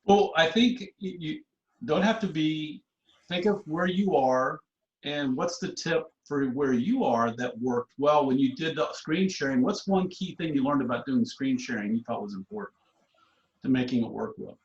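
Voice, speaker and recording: A man's voice: fairly high pitch, expressive, normal speed, muffled recording. Encouraging man in a roomy call. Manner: encouraging, prompting questions. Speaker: meeting facilitator. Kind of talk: casual facilitating of an online meeting.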